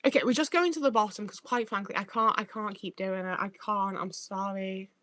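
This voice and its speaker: Her pitch medium and her pace a little fast, this young northern English livestream host sounds pushed and bright, with no echo. She reads out comments in blunt, casual chat full of swearing.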